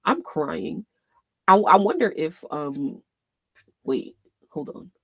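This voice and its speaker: A woman hosting a casual fan livestream, thinking aloud as she scrolls and reads posts, swearing freely and bursting into loud laughs. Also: low voice, very animated, slow pace, breathy edge, dry recording, muffled recording. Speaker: livestream host.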